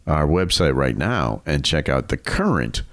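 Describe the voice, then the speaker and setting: A man co-hosting a podcast, trading relaxed, playful banter. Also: extremely low pitch, measured pace, dry recording. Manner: laid-back, playful banter. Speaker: podcast co-host. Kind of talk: casual chat.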